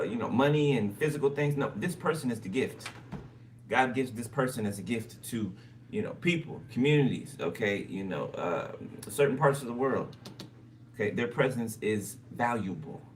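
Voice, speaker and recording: A man with a mid-range, fairly bright voice does a casual tarot reading, musing aloud and repeating phrases with frequent "okay?" checks, recorded on a distant mic with background noise.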